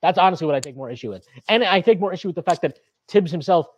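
A man's voice: high-pitched, rapid-fire, husky, muffled recording. Fired-up man ranting on a sports podcast. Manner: opinionated, animated, swears, frequent restarts. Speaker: podcast co-host. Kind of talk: casual sports podcast rant.

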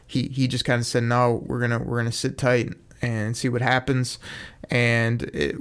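A man's voice: medium pitch, clear, resonant tone. A man hosting a casual sports talk show, enthusiastic and rambling, with frequent restarts. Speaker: sports podcast host.

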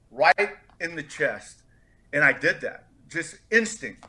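A man's voice: fairly high pitch, slow. A middle-aged man from California, a former football player telling stories as a podcast guest and acting out the people he quotes. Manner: animated storyteller, acts out quoted voices. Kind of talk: storytelling in a podcast interview.

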